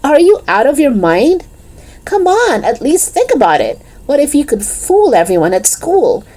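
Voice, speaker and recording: Lady voicing a high chirpy schoolgirl, cheerful, pushy, bouncing all over. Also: big pitch swings, a little slow, mellow. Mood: bright. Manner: cheerful and persuasive. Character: bright, scheming schoolgirl.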